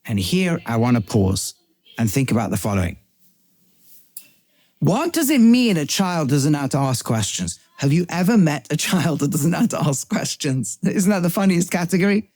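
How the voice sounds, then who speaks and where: Animated rabbi, slightly high voice. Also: male voice, normal speed, no room sound. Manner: animated and emphatic, with many rhetorical questions; reads out Hebrew and Aramaic phrases, then translates them. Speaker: rabbi teaching a series. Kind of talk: explanatory lecture.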